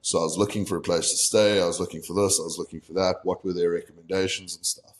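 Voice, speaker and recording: This young man from South Africa, a guest on a podcast, talks at a quick pace in a low voice with flat delivery. He tells a candid, casual story, voicing the lines people said to him.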